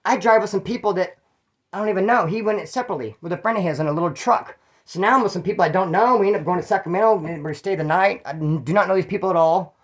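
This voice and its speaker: A man's voice: high-pitched, fast talker. A man hosting his own channel, telling prison stories in a rambling, profane, streetwise way. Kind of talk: casual first-person storytelling.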